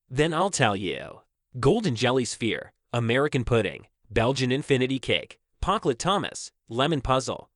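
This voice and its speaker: A man's voice: medium pitch, no room sound, clean studio sound, voice pushed up. A man putting on a sing-song old pudding-mad pensioner. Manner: fussy, sing-song listing. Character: pudding-obsessed old male pensioner, greedy and chatty.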